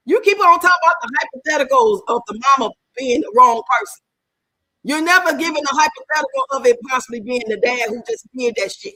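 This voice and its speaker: A woman from Chicago with a Chicago accent, hosting a livestream and answering her chat in an animated, outspoken way. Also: high-pitched, a little fast, no echo, low-quality recording. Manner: animated, outspoken, emphatic, talks back to the chat. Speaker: livestream host. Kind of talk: livestream chat reacting to comments.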